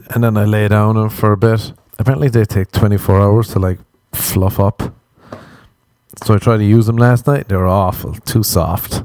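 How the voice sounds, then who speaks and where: A man's voice: on the low side, steady tone, a little fast, a little mellow, clean tone, no room sound, clean studio sound. A young Irish man hosting a podcast, ranting in a profane, exasperated, sarcastic comic monologue. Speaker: podcast host. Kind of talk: comedic solo podcast rant.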